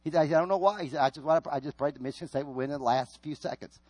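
A man preaching a sermon, telling stories that swing from loud, emphatic peaks to hushed asides. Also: a little high, rapid-fire, no echo. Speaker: pastor.

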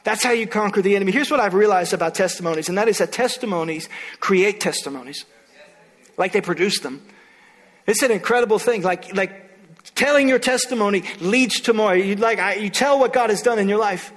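A man's voice: high voice, fairly quick, a bit bright, long reverb tail. A man preaching a sermon in church, energetically calling out to the congregation. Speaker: pastor.

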